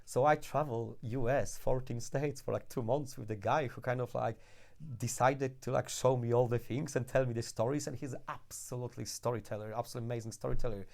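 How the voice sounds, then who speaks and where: Animated man telling stories. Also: mid-range voice, a little fast, vocal fry. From Ukraine. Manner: animated storyteller, swears, laughs often. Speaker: guest. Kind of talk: casual podcast chat.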